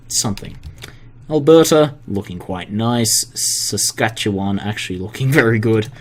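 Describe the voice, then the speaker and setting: Man casually commenting on a game. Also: lowish voice. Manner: relaxed, self-deprecating, stumbling over place names. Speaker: gaming commentator.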